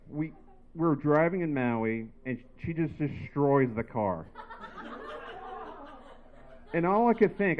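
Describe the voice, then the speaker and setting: Male stand-up comic, slightly high voice, rambling filler-heavy delivery, tinny lo-fi live sound. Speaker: stand-up comedian. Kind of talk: stand-up set. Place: comedy bar stage. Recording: tinny phone-like live recording.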